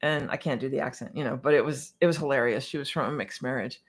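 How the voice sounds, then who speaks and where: A woman's voice: a bass voice, fast, slightly rough. A woman piano technician answering viewer questions on a casual livestream, chatty and a bit scattered, with frequent restarts and laughter.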